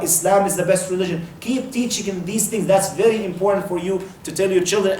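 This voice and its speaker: A man's voice: sits high, a little mellow, slight background noise. Earnest preacher man in an echoey room. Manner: earnest, repeats key points, acts out short exchanges. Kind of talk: sermon.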